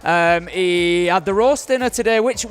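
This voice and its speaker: High-voiced British esports caster. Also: male voice, moderate pace, soft background music. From United Kingdom. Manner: easygoing, explains with fillers and asides. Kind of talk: casual live esports commentary.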